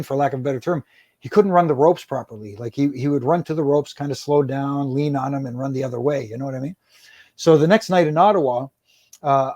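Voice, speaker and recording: A man's voice: fairly high pitch, a little mellow, no room sound. A middle-aged man, a former wrestling referee, tells rambling stories in an interview, restarting his sentences and chuckling. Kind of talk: storytelling in an interview.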